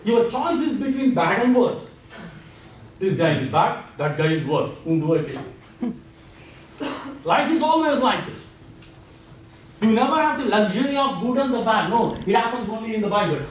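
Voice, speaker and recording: Animated man quizzing a lecture class. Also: high-pitched, normal speed, long pauses. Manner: animated, quizzing students, laughing asides. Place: large echoey lecture room. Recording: echoey classroom from far off, faint hiss.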